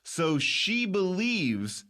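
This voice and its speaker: Male podcast host; chatty, lively pitch, plays out scenes while recapping. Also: extremely slow. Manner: animated, acts out characters' lines while recapping. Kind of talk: casual movie discussion.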